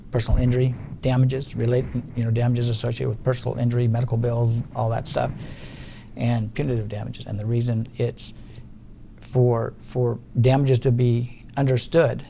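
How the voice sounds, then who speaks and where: A man's voice: medium pitch, flat delivery, moderate pace, vocal fry, noisy background. A middle-aged man giving deposition testimony, guarded and insistent, often restarting his sentences. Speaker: witness in a legal deposition.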